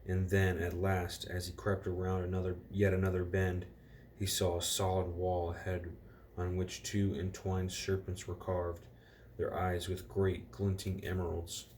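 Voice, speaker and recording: A man reading a storybook aloud to children in a relaxed way, stopping now and then to correct himself and reread. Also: low voice, a little slow, a little hiss or hum.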